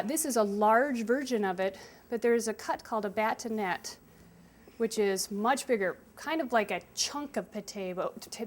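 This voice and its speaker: A woman chef giving a hands-on cooking lesson to children, explaining each step patiently. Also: mid-range voice. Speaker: chef teaching kids.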